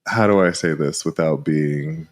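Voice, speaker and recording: A man co-hosting a comedy podcast from a living room, speaking in a measured way and hedging his words carefully. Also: very deep voice. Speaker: podcast co-host. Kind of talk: casual comedic chat.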